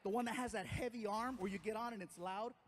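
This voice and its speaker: High-voiced man telling stand-up stories. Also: fast, background noise. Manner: animated, acts out other people's voices. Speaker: stand-up comedian. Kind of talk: stand-up comedy storytelling.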